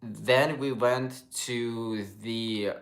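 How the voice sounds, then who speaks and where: A man's voice: mid-range voice, steady tone, extremely slow. A young man casually chatting on a livestream, rambling and stopping to search for English words. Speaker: streamer.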